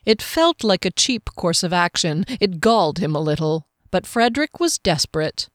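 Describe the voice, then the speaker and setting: Lady author chatting then reading her book, kinda low voice, dry close sound. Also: very animated, moderate pace, no echo. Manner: chatty and amused, laughs easily. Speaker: author and podcast narrator. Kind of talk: casual chat then storybook reading.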